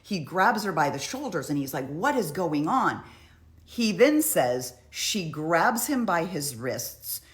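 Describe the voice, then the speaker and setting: Low-voiced woman recapping a trial. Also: big pitch swings, unhurried, few pauses. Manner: chatty, conversational, frequent "like" and "you know". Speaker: true crime commentator.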